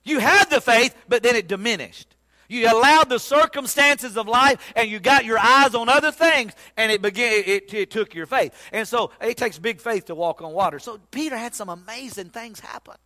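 Casting: man preaching a sermon, bright forceful tone, lively folksy storytelling. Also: extremely high pitch, normal speed. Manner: animated, folksy storytelling with sudden loud bursts. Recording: long hall reverb.

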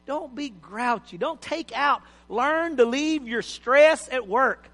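A man's voice: extremely high pitch, expressive, a little slow, few pauses, a bit bright. A middle-aged man preaching a sermon in a folksy, joking, plain-spoken way. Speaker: pastor. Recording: hall reverb.

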